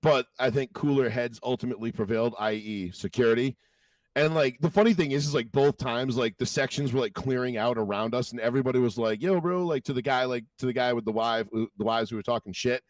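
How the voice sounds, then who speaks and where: A man's voice: mid-range voice, quick pace, no echo. Male podcast host, casual profane storyteller, dry and slightly distant sound. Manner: animated, profane, acts out quotes in raised voices.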